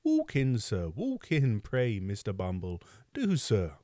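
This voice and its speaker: A man's voice: lowish voice, huge pitch swings, slow pace, warm tone, no echo, studio quality, heavily acted. A man voicing a fussy, fawning middle-aged nurse woman who talks in a sugary, falsely humble way. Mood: wheedling.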